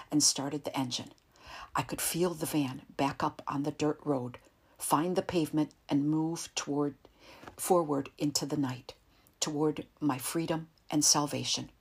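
A woman narrating a first-person story in a quiet, tense, measured way. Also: low voice, fairly even intonation, breathy edge.

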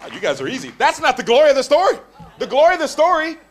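A man preaching a sermon to a congregation, animated and joking, acting out the voices of the people in his stories. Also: extremely high pitch, very fast, some chatter behind. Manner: animated, acts out quoted voices.

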